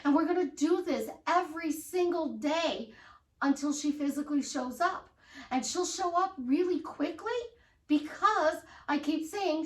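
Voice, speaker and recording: Bubbly high-voiced woman life coach. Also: unhurried, roomy sound, recorded from a distance, rough recording. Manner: animated, acts out excited affirmations. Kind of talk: motivational talk to camera.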